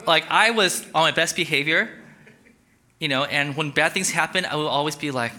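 Bright-voiced man preaching a sermon. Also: on the high side, moderate pace. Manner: conversational, animated, asks the audience questions. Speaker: pastor.

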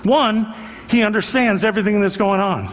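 In an earnest, conversational sermon, an older pastor with a high voice for a man leans on repetition for emphasis. He keeps a moderate pace, and his words echo with a long reverb as though in a large hall.

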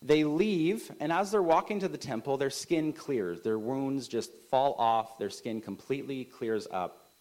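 A man's voice: medium pitch, measured pace, a little mellow. Chatty preacher man. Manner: conversational, many filler likes and rights, rising emphasis. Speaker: pastor. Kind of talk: sermon.

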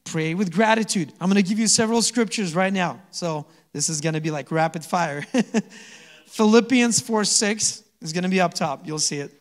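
A man delivers a sermon in a fairly high voice, chatty and relaxed, often pausing for the congregation to answer. He breaks into small chuckles between his points. The sound carries a long reverb, as in a church sanctuary. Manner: conversational, asks the congregation to respond. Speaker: pastor.

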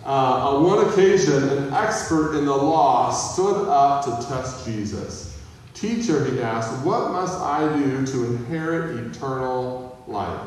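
A pastor giving a conversational sermon, mixing humor and acted-out quotes. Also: male voice, mid-range voice, expressive, slow pace. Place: church sanctuary. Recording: echoey hall, voice from a distance.

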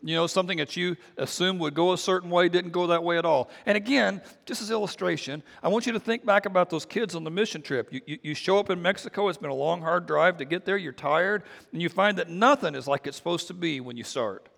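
Pastor guy giving a sermon, kinda gravelly voice, stumbles and repeats a lot, big echoey church. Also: high-pitched, fast talker, few pauses, a bit bright. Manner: conversational preaching with frequent restarts and repeated words. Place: church sanctuary.

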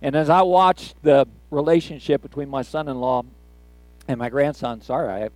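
An older man, a grandfather, preaching a sermon in a conversational, folksy way with halting restarts. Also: mid-range voice, a little mellow, dry recording.

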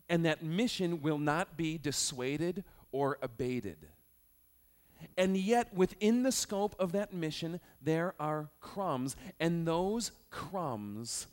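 A male pastor preaching a Bible-study sermon, animated and joking as he teaches. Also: fairly high pitch.

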